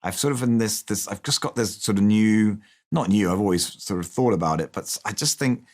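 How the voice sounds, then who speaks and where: A man with a lowish voice tells stories in a relaxed podcast chat. He rambles and restarts, curses freely, and acts out the voices of the people he quotes. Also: a little fast. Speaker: film director guest. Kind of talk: casual anecdotal storytelling.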